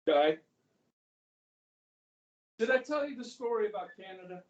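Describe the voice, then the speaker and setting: A middle-aged man teaches a history class as a high school teacher, giving a chatty lecture and repeatedly checking in with "okay?". His voice is high and animated at a normal speed, recorded from far off in an echoey classroom with the highs cut off.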